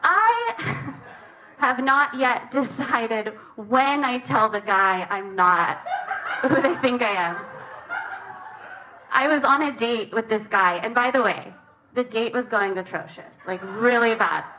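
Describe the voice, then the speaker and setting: A woman's voice: fairly high pitch, expressive, takes it slowly, sharp tone, poor audio. A female stand-up comedian telling a dating story in a chatty, self-deprecating way. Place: comedy club stage. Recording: live club recording with crowd noise. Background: audience laughter.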